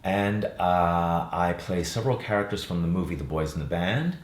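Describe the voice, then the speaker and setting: An older man with a very low voice speaks in a relaxed, reflective way, often pausing on fillers. His voice sits in a roomy space with a faint hum of ambience behind it. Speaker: actor and playwright. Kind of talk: interview chat.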